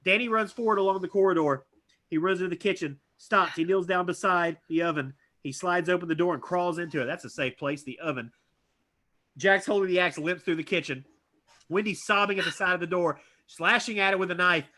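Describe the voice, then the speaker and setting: A man reading stage directions aloud at a live script reading, animated and tossing in asides. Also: high voice, fairly quick. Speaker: script reader.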